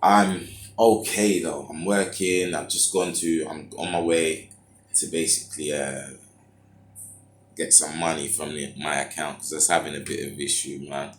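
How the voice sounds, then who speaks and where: A low-voiced man recounts a personal story in loose, slang-heavy talk. He drifts between points and fills gaps with filler sounds. The recording has a strong echo from the room around him. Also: level tone, normal speed, slight background noise. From United Kingdom. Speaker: vlogger. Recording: echoey room.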